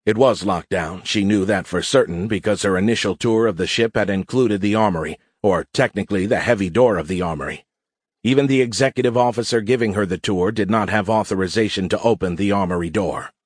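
A man reading a science fiction audiobook as narrator, in steady, even storytelling. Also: on the low side, a little fast, breathy edge, no room sound, studio quality. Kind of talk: scripted narration.

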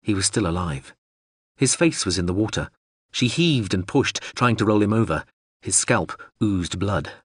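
A male narrator reads a novel aloud in a measured, expressive manner. His low, husky voice moves through a wide, lively pitch range. The recording is close and dry. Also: no echo. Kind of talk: audiobook narration.

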